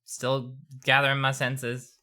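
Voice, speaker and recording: A player speaking in character in a tabletop game, pushing back quickly. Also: mid-range voice, monotone, bright, forceful tone.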